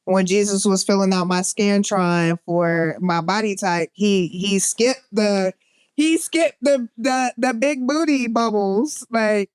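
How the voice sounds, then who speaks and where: Woman, podcast co-host, unhurried, smooth, dry close sound. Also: mid-range voice, no echo. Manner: animated storyteller, mimics gym noises. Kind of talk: casual chat.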